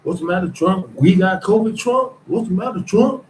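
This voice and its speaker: A man putting on a whiny, high voice to mock a fawning male sycophant fussing over his boss. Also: expressive, moderate pace, a little hiss or hum. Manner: mocking parody. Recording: echoey room.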